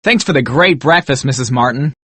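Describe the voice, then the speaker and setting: A reader doing a lively, nervous teen boy. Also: a bass voice, brisk, husky, no room sound, full character voice. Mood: friendly. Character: friendly, slightly nervous teenage boy Nick.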